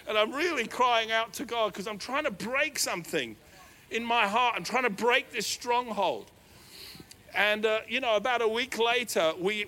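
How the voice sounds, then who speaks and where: A middle-aged man with a New Zealand accent, preaching a sermon in a church hall. He tells a personal story in an animated, self-deprecating way. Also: high voice. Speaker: pastor.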